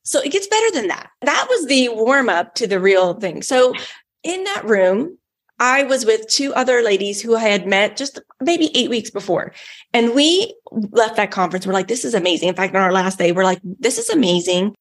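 A woman's voice: a little high, very animated, normal speed. Texan woman, podcast guest, chatty and upbeat, casual storyteller. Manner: chatty and enthusiastic, many "like"s. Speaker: guest giving a testimonial.

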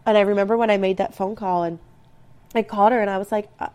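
A woman's voice: mid-range voice, fairly even intonation, fast talker, a little mellow. A woman in her thirties giving a reflective personal talk, earnest and rambling, with frequent restarts. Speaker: speaker sharing personal growth advice.

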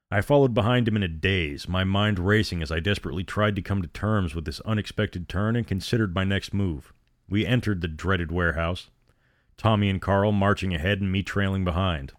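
Man, horror story narrator, very deep voice, dry close recording, steady grim delivery. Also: no echo.

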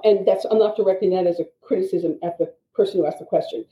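A woman teaching writing craft, explaining in an animated way with quick asides. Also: medium pitch. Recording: dull, echoey audio.

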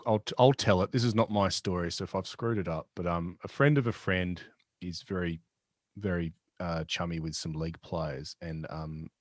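A man's voice: deep voice, dry recording, studio quality. A man hosting a podcast, telling a sports story casually with lots of restarts. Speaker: podcast host.

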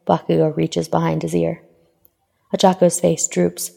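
A woman narrates fan fiction in a steady, even manner. Her voice sits low with a gravelly fry and a mellow tone. A long reverb trails behind her. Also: unhurried.

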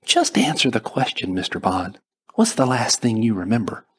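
Man doing a soft-spoken woman, hushed. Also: medium pitch, sing-song, normal speed, husky. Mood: teasing. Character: gentle, apologetic young woman scientist.

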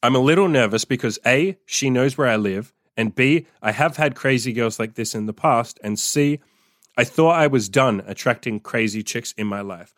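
Brief: young adult male podcast host, mid-pitched, animated and profane, recorded dry and close. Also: moderate pace, dry recording. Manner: animated, swearing, reacting aloud to his own story. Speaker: podcast host reading his old diary. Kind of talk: casual storytelling monologue.

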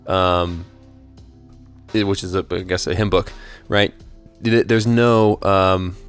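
A man with a lowish voice talks through hymn lyrics and belief in an earnest, thoughtful, conversational way. He restarts phrases often and keeps checking in with the listener. Soft music plays faintly behind him. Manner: thoughtful and earnest, with frequent restarts and tag questions. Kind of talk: casual explanation of hymn lyrics and faith.

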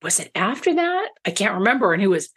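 A woman's voice: mid-range voice, big pitch swings, fast, fairly bright tone, breathy edge. Chatty woman podcast host. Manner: chatty, rambling with restarts and laughs. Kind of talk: casual podcast chat.

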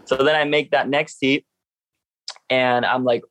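A man's voice: mid-range voice, measured pace, no room sound. A young man, a professional surfer, telling a story in a casual interview, acting out what others said to him. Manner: animated, acts out other people's lines in a raised voice.

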